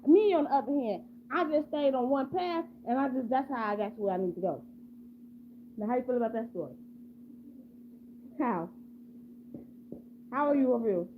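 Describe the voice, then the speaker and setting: A woman's voice: sits high, normal speed, long pauses. A woman improvising a rambling, repetitive story casually and asking her listeners questions. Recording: tinny phone-like, faint hum.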